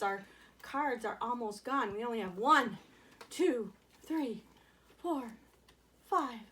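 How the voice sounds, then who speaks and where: A woman's voice: on the high side, very animated, slow pace, long pauses, a bit bright. A woman teaching a virtual preschool lesson, talking to young children in an encouraging, sing-song way and singing along.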